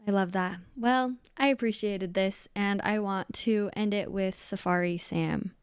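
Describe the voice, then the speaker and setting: A woman's voice: medium pitch, a little slow, clean tone, dry recording, studio quality. A woman hosting a casual podcast chat, talking in a chatty, easygoing way and laughing easily. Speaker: podcast host.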